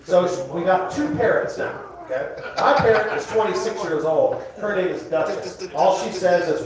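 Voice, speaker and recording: A man's voice: high-pitched, fairly quick, few pauses, far from the mic, crowd noise. A man doing a stand-up set in a comedy club, rambling and crude with self-mocking asides. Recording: echoey club recorded from afar.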